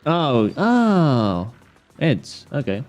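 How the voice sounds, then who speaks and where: A man's voice: medium pitch, sing-song, drawn-out words, a little mellow, faint music behind. Profane, exasperated young male streamer. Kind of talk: casual livestream rant.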